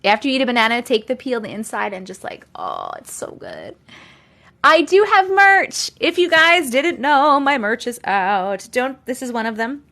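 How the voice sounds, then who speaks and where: A woman's voice: fairly high pitch, very animated, moderate pace, pushed and bright. A woman hosting a live stream, chatting casually with viewers, reading out their comments and laughing often. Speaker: livestream host reading viewer stories.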